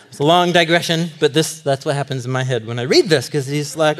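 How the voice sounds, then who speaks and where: A man in his thirties preaching with lively humor and frequent laughter. He talks straight to his congregation with a slightly high voice. Each passage moves into an animated, conversational sermon. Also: fast talker, few pauses. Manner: animated, humorous, laughs often, addresses audience.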